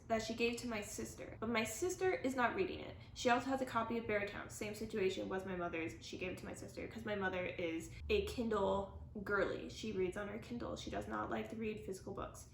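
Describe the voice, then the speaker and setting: A woman's voice: fairly high pitch, fairly bright tone, a little hiss or hum. Chatty woman in an echoey room. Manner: chatty and rambling, with many filler "like"s and self-corrections; enthusiastic and gushing. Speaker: book vlogger. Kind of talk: casual chat to camera.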